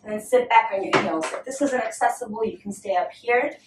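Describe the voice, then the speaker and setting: Female yoga instructor, gentle encouraging cues, slightly high voice, recorded at a distance in an echoey home room. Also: a little fast, noisy background. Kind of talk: guided yoga class with a toddler.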